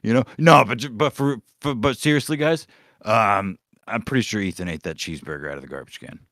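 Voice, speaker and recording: A man's voice: on the low side, brisk, a bit bright, no echo, studio quality. A man hosting a comedy podcast in casual chat, crude and profane as he jokes. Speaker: podcast host.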